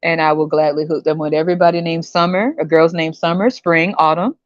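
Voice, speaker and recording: A woman hosting a podcast in a casual comedic rant, animated and slangy, often breaking into laughter. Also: sits low, fairly quick, no echo, dull audio. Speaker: podcast host.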